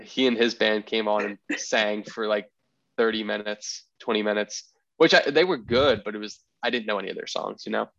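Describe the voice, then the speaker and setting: A man hosting a podcast, telling a story in a rambling, animated way and acting out the people he quotes. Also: fairly low pitch, normal speed, vocal fry, no room sound, highs cut off. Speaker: podcast host. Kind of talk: casual storytelling chat.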